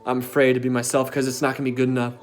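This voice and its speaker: A man's voice: mid-range voice, completely flat delivery, racing, faint music behind. A young man telling a personal story in a casual, emphatic way, as a self-development coach. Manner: casual and emphatic, with frequent filler tags and swearing.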